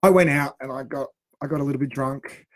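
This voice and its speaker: A man in his thirties, co-hosting a radio show and telling a funny story in a lively, laughing way. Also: medium pitch, fairly quick, no echo, clean studio sound. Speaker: radio co-host. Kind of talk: casual storytelling chat.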